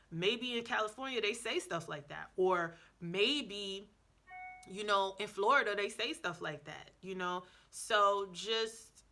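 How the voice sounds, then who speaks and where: A woman giving casual advice in a vlog, chatty and playful, filling her talk with "like" and correcting herself as she goes. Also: medium pitch. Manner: chatty, many "like"s and self-corrections; lively, playful asides. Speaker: language-learning vlogger.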